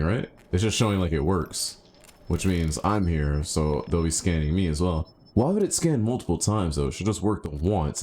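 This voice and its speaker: A man streaming a game live, chatting casually and thinking out loud, with sudden excited yelps. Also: low-pitched, slight background noise. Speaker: gaming streamer. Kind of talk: casual live gameplay commentary.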